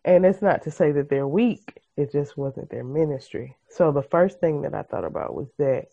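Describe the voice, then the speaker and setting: A woman co-hosting a podcast in casual chat, expressive and storytelling. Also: low voice, moderate pace, gravelly, breathy edge. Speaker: podcast co-host. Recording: muffled video-call audio.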